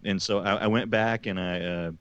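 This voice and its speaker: Low-voiced man rambling through an anecdote. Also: fairly even intonation, normal speed, a bit bright, clear, resonant tone, no room sound, highs cut off. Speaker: podcast co-host. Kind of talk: casual chat.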